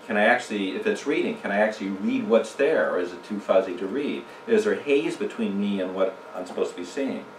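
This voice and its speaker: A man's voice: lowish voice, brisk, few pauses, slight background noise. A man teaching a church communication seminar in a conversational way, putting questions to the audience and telling jokes. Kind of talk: casual church seminar talk. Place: church room. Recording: echoey room, mic from a distance.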